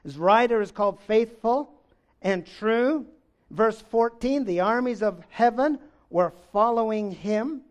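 A man preaching a sermon, reading scripture aloud and swinging between loud exclamations and low, intense stretches. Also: lively intonation, a little slow.

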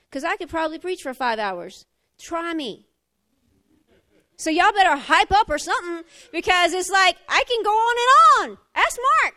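A middle-aged woman preaching a sermon, animated, swinging from emphatic fire down to quiet talk. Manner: animated, rising to emphatic fire then dropping low.

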